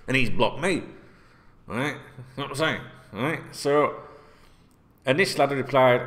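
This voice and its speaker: A man's voice: a little high, sing-song, fairly quick, sharp tone. A man, ranting casually and bluntly to camera as a football vlogger, swearing often and rambling between topics. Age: 40s.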